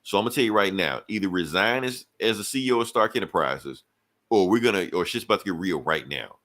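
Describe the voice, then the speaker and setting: A man's voice: low-pitched, expressive, quick pace, fairly bright tone. A man voicing a defiant male armored hero who threatens a rival in a swaggering way while retelling a comic.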